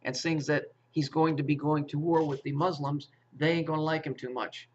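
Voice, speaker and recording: Through muffled, lo-fi audio comes a conspiracy commentator with a slightly high, steady voice at a moderate pace. He rambles and swears, says the same things again, trips over restarts, and keeps asking rhetorical questions.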